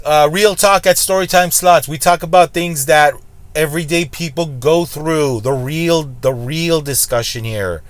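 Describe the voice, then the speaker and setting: A man's voice: fairly high pitch, fairly bright tone, dry recording. Blunt, preachy man vlogging. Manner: blunt, preachy, emphatic repetition. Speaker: slots channel host. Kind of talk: casual vlog commentary.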